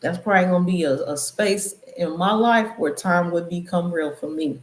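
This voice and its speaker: A woman's voice: lowish voice, moderate pace. Woman preaching casually in an echoey room. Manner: loose, conversational, preachy riffs. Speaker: channel host. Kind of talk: casual spiritual commentary.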